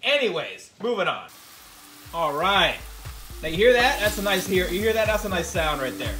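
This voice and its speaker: A man's voice: high voice, sing-song, normal speed, sharp tone, soft background music. A young man hosting a casual home cooking video in his kitchen, joking and rambling with lots of fillers. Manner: joking, rambling, lots of fillers and "you know what I mean". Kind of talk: casual cooking show chat.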